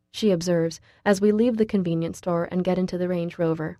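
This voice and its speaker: Low, mellow woman reading an audiobook. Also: fairly even intonation, normal speed, few pauses, no echo, clean studio sound. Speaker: audiobook narrator. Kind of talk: scripted first-person audiobook narration.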